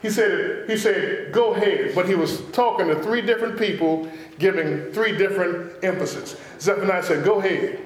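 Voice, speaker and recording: A man a call-and-response sermon, drawling asides and sudden shouts. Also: high-pitched, normal speed. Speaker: pastor. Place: church sanctuary. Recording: very echoey church hall.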